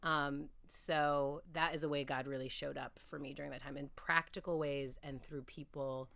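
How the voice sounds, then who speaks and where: A woman's voice: low-pitched, steady tone, normal speed, vocal fry, a bit bright, no room sound. A woman speaking as a podcast guest, telling reflective, earnest stories about her faith in a conversational interview.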